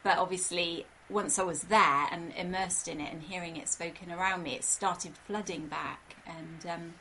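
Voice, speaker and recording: A woman from Wales, an author answering interview questions in a thoughtful, soft-spoken way. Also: on the low side, fairly even intonation, normal speed, slight background noise, poor audio. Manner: thoughtful, soft-spoken, uses many fillers. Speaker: author, podcast guest.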